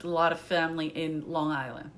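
A woman comedian, telling stories in casual chat, brash and profane, laughing often and dropping into quick impressions. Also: sits low, steady tone, crowd noise. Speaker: comedian guest.

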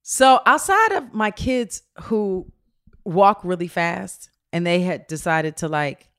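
A middle-aged woman co-hosting a casual chat, an animated storyteller who laughs often. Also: on the low side, takes it slowly. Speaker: co-host.

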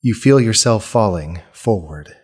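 A man narrating a tabletop game as game master, in slow, immersive second-person storytelling. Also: on the low side, expressive, a little mellow, breathy edge. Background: faint music.

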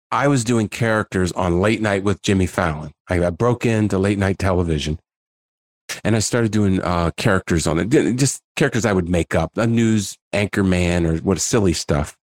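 Man in his forties, low voice, swinging intonation, animated storyteller, dry close sound. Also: dry recording. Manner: animated storyteller, acts out dialogue. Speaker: guest. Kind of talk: casual interview storytelling.

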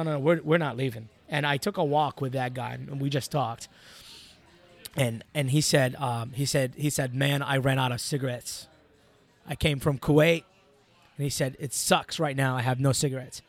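A man from Iraq, a podcast guest telling his story in an animated, rambling way and acting out what people said. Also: mid-range voice. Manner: animated, rambling, acts out quotes. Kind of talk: casual storytelling.

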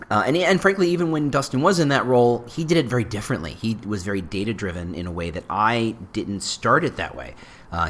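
Man, middle-aged, podcast host, casual monologue, rambling and self-correcting, very lively pitch.

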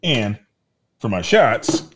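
Slow, lively, goofy podcast co-host. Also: male voice, on the low side, noisy background. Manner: playful, goofy wordplay. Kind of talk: casual banter.

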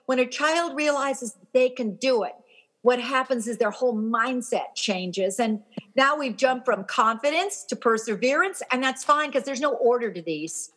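Female educator guest in her fifties, fairly high voice, emphatic, animated storyteller. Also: moderate pace. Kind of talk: storytelling in an interview.

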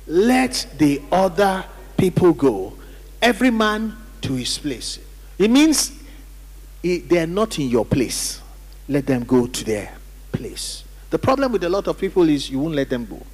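Husky preaching man in echoing hall. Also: sits high. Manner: emphatic preaching, calls on congregation to repeat. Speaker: pastor. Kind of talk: sermon. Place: church hall during service. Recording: church hall reverb.

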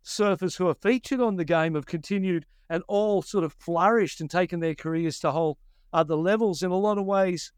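Aussie guy in his 50s, smooth voice, dry close mic, tells stories with lots of energy. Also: high-pitched, brisk, dry recording. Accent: Australian. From Australia. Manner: animated, acts out his own past thoughts. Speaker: guest, surf commentator. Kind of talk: casual interview storytelling.

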